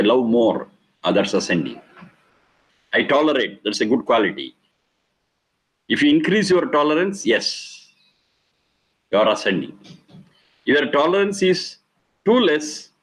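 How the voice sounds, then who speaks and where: A man's voice: mid-range voice, low-quality recording. A middle-aged man giving a spiritual discourse, stressing and repeating key words and explaining Sanskrit terms. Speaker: Vedic teacher.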